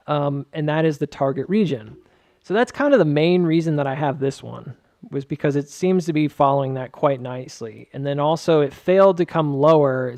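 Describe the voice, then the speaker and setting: A man's voice: on the high side, darkish tone, no echo. A man casually walking through stock charts, rambling with joking asides and lots of filler words. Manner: filler-heavy, many "like"s. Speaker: market charting host.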